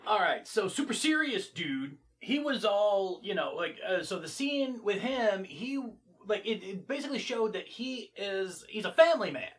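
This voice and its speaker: A man's voice: high-pitched, moderate pace. A man casually retelling and reviewing a movie in a rambling way, full of fillers. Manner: rambling, filler-heavy, animated. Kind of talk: casual reaction vlog.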